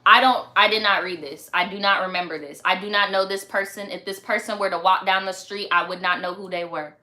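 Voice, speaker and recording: A woman's voice: medium pitch, steady tone, fairly quick, sharp tone. A young woman hosting a live stream, reading viewer stories in a chatty, slangy way, laughing and swearing often. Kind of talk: casual chat.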